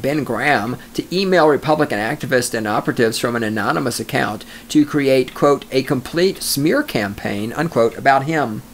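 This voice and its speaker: A man's voice: medium pitch, slight background noise. A male podcast host reading news stories and mocking them with crude jokes, often breaking into laughter. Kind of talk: sarcastic news commentary.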